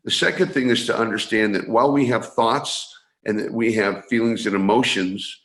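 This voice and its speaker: Halting man on an echoey call. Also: fairly low pitch, a bit bright. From San Francisco, USA. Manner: halting, restarts and repeats words. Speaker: guest, energy awareness coach. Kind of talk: explanatory interview talk. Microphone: video call. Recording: echoey room sound.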